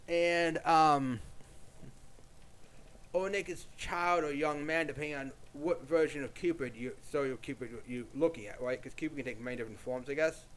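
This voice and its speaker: At home, a young YouTube creator with a fairly bright voice on the high side retells an old tale at a moderate pace. His casual storytelling rambles, with plenty of fillers and false starts.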